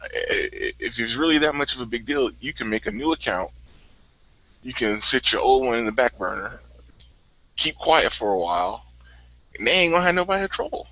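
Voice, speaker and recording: A man's voice: medium pitch, normal speed, pushed and bright, no echo. An easygoing man from the American Midwest in casual chat, laughing often and repeating words as he starts a thought. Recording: dry, dull lo-fi audio.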